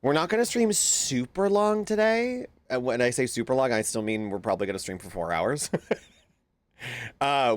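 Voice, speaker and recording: A young man hosting a casual livestream, his pitch bouncing all over as he greets chatters one by one and coos at his pet. The sound is close and dry, with no room around it. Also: no echo. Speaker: streamer.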